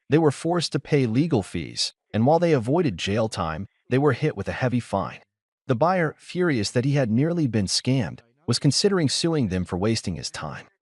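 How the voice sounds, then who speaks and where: A man narrating a dramatic first-person story in a cool, measured, dryly triumphant way. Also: mid-range voice, no echo.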